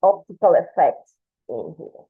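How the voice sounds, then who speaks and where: A woman's voice: low-pitched, lively intonation, measured pace, slightly rough. Patient woman teaching drawing, tinny sound. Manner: patient, explains step by step, talks while drawing. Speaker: art teacher. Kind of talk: drawing lesson, demonstrating. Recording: tinny phone-like audio.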